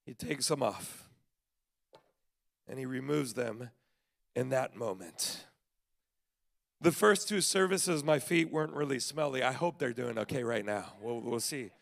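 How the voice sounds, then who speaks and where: A man pastor giving a sermon at a church service in a lively, conversational way, with frequent stammered restarts. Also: mid-range voice, a little slow, creaky, long pauses.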